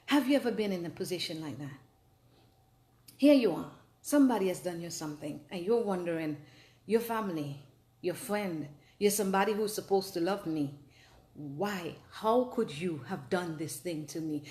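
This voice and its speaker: A woman's voice: medium pitch, expressive, normal speed, darkish tone, echoey room. A woman hosting a personal advice talk, telling her own story earnestly and with animation. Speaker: host.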